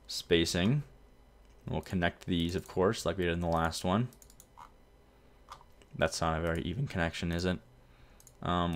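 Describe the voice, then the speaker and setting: A man's voice: deep voice, vocal fry. A man casually commenting while playing a city-building game, rambling and correcting himself as he goes. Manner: relaxed, rambling, self-correcting. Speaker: gameplay video host. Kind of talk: casual let's-play commentary.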